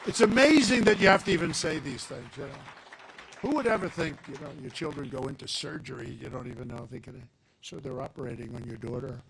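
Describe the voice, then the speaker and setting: A man's voice: a little high, quick pace, vocal fry, fairly bright tone, a faint crowd, slight background noise. An older man giving a rambling, digressive campaign rally speech at a podium microphone, repeating his points for emphasis. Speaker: political speaker at a rally. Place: outdoor or large rally venue.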